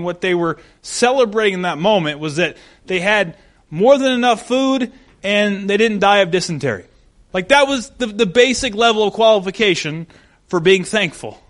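A young man preaching a sermon as a pastor, enthusiastic and full of stories. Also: sits high. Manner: enthusiastic, storytelling.

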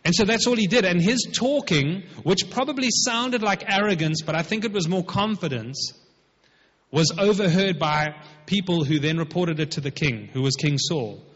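A male preacher with a fairly high, husky voice explains a scripture passage in a conversational way, stopping often for asides. The sound is dull and lo-fi, and a long echo rings around a large hall. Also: moderate pace, a bit bright. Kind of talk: sermon, retelling a scripture passage.

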